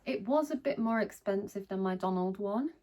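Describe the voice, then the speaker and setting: A woman's voice: medium pitch, expressive, normal speed, mellow. A woman chatting casually in a haul vlog, gushing enthusiastically over each item she shows. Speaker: vlogger. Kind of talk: casual haul video chat.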